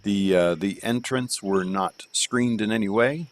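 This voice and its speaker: Speaking a little slowly in a fairly low voice, a man livestreams from home while reviewing golf courses. It's casual game commentary: rambling, joking, and thinking out loud with lots of fillers.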